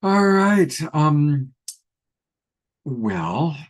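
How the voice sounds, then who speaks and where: A male host of a spiritual talk show, gentle and appreciative as he guides the guests. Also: a little high, very animated, drawn-out words.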